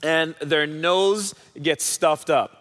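A man's voice: on the high side, takes it slowly, a bit bright. A young man preaching a sermon in a large church hall, telling stories in a conversational, playful way. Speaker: pastor. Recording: hall reverb.

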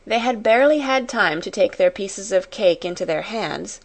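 A woman narrating an audiobook in a slow, measured reading voice. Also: medium pitch, animated. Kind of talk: scripted narration.

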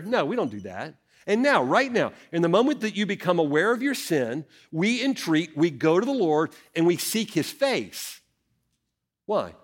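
A man's voice: sits high, very animated, moderate pace. A male pastor preaching a sermon, reading scripture aloud and then explaining it earnestly, rising for emphasis.

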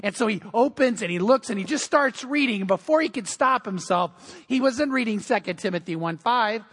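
A man's voice: high-pitched, lively intonation, fairly quick, a bit bright, husky. A man preaching a sermon as pastor in a church, telling humorous stories. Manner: humorous storytelling.

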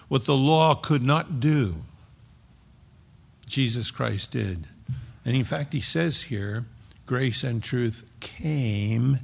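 A man preaching a sermon, slow and emphatic, with dramatic pauses. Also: medium pitch, creaky, slightly rough. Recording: dull lo-fi recording.

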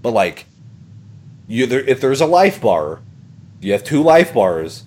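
A man's voice: medium pitch, very animated, a little slow, darkish tone. A man hosting a podcast, talking in a rambling casual way, with plenty of swearing, fillers and laughter. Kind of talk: casual chat.

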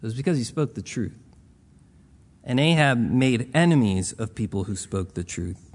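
A man's voice: mid-range voice, animated, moderate pace, darkish tone, husky. A man preaching a Bible teaching in a casual, conversational way, retelling scripture stories in plain modern words.

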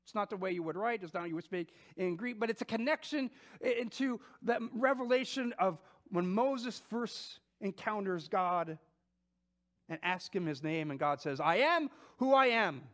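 A man preaching a sermon in a conversational way, with fillers and restarts, reading scripture slowly and with weight. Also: high-pitched. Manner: animated, with quoted scripture spoken slowly. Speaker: pastor.

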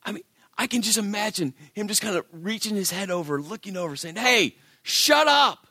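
A male pastor preaching a sermon in an animated way, acting out the voices of biblical characters. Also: sits high, fast, no room sound, clean studio sound.

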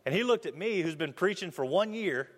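A man's voice: high voice, lively intonation, moderate pace. Young male preacher in a reverberant hall. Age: 20s. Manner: earnest, asks the congregation questions, reads scripture aloud. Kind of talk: sermon. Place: church building.

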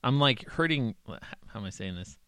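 A man's voice: medium pitch, expressive, normal speed, bright, forceful tone, smooth, no echo. A man in casual chat, rambling through stories and acting out the people in them. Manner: rambling, acts out quoted characters.

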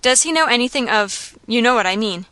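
A proud young gentleman heir, haughty and curt, with an undercurrent of unease, as a woman reads him. The voice is fairly high and bright. It sounds dry and close. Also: animated, brisk, no echo.

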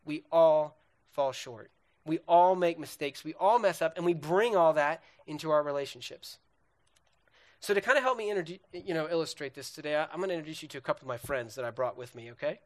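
A pastor delivers a sermon in church with animated, chatty energy. His voice sits high for a man, and he often repeats words and starts sentences over as he talks to the congregation. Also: moderate pace. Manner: animated, repetitive, stumbling restarts. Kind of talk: sermon with a puppet illustration.

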